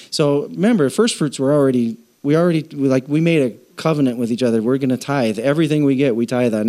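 A middle-aged man preaching a conversational sermon on generosity, with jokes and animated asides. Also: medium pitch. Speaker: pastor.

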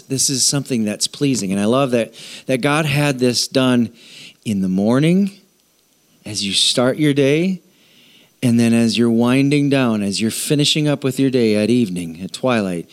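A middle-aged man, a pastor, giving a casual Bible lesson in church, chatty and joking, often asking the audience questions. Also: medium pitch. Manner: conversational, asks the audience questions, jokes.

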